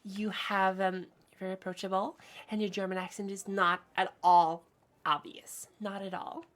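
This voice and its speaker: A woman's voice: medium pitch, flat delivery, moderate pace. A woman streaming a game, casually chatting and playfully teasing her viewers, often breaking into giggles. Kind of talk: casual live-stream chat.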